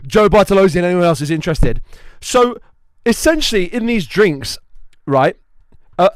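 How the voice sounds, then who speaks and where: A man's voice: on the high side, no echo, studio quality. A man live-streaming, chatty and self-deprecating as he reacts to clips.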